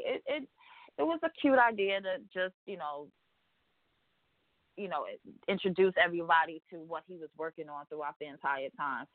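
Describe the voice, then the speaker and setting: With a lowish voice, a woman co-hosting radio rambles through a reality TV gossip recap, sassy and profane, mimicking quotes. The recording is dry and narrow like a phone line, without room sound.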